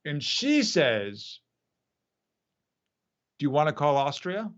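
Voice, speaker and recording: An enthusiastic male storyteller with a fairly high voice. He talks over a video call from his home studio, and the sound comes through dull and lo-fi. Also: very animated, slow. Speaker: magician and app creator. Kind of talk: casual storytelling.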